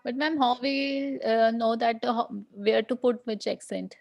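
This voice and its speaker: Hesitant, polite female student on a video call, slightly high voice, dry sound. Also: unhurried, vocal fry, darkish tone, dry recording. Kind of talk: asking questions in online class.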